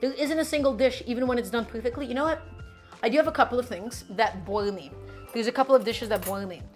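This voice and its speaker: A woman's voice: a little high, quick pace, a little mellow, faint music behind. A woman streamer teaching a cooking lesson live, chatty and emphatic, often addressing her chat directly.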